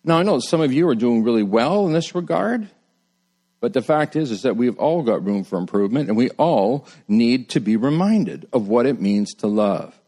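Conversational male pastor preaching. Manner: conversational, rises high when quoting people, drops low and quiet for emphasis. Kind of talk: sermon.

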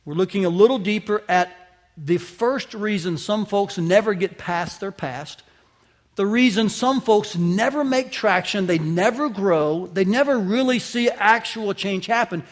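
A man with a high voice preaches a sermon, carrying a faint Southern accent from his upbringing in the Southeast. He is middle-aged and tells animated stories with self-mocking humor. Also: measured pace. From Southeastern United States. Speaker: pastor.

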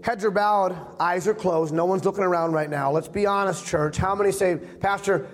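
A man preaching as a pastor, leading his congregation in a quiet prayer of confession and speaking the confessions for them. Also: high voice, steady tone, moderate pace, soft background music. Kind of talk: sermon and altar-call prayer.

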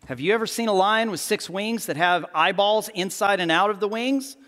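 A man preaching a sermon as pastor, telling stories with animated energy and acting out the quotes. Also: high-pitched, normal speed, long reverb tail. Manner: animated storytelling, acts out quotes.

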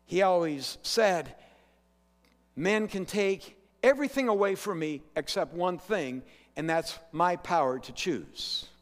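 High-voiced pastor preaching in a reverberant church. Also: male voice, lively intonation, slow pace, soft background music. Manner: earnest, emphatic preaching with call-and-response. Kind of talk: sermon. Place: church sanctuary. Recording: long hall reverb.

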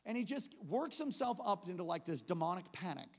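Animated high-voiced preacher in a reverberant church. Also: male voice, normal speed, hardly any pauses. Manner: animated, building from hushed to shouting. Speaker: pastor. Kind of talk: storytelling sermon. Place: church service.

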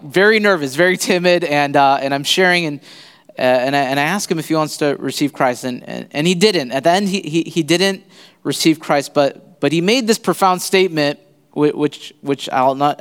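Halting man preaching in a reverberant church. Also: on the high side, clear, resonant tone. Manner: halting, many fillers and restarts. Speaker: guest pastor. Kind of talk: sermon. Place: church sanctuary.

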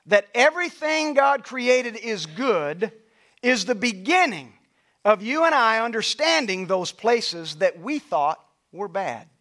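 A man pastor preaching a sermon, leading the congregation in call-and-response and at times shouting. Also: high voice. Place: church sanctuary.

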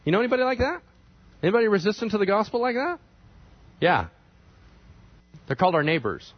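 A man delivers a sermon, retelling a scripture story with an animated, conversational energy. His pitch swings widely and sits slightly high for a man. The recording is dry and somewhat dull, with no room echo. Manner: animated, acts out characters in quick asides. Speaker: pastor.

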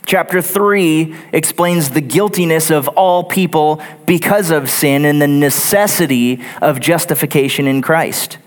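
Male pastor, slightly high voice, earnest sermon delivery with repetition. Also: measured pace, hardly any pauses. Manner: earnest, builds points in lists and repetition. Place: church sanctuary.

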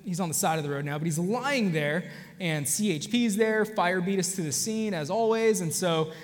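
A man's voice: sits high, moderate pace, long reverb tail. A man pastor giving a conversational sermon, telling a personal story and talking straight to the congregation with many restarts. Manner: conversational, frequent restarts, addresses audience directly.

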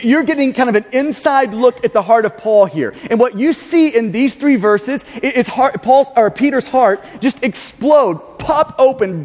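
High-voiced emphatic male preacher in a reverberant hall. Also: darkish tone. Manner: emphatic, repeats words, frequent restarts. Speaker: pastor. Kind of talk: sermon.

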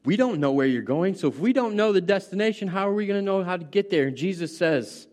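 A man's voice: sits high, lively intonation, fast talker, few pauses, a little mellow. A middle-aged man preaching a sermon, retelling scripture in a casual, storytelling way. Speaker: pastor.

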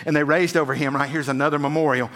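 Guy preaching a sermon, pretty high voice, keeps saying "and, and". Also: steady tone, fast talker, a bit bright. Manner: preaching with rising intensity, repeating words. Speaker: pastor.

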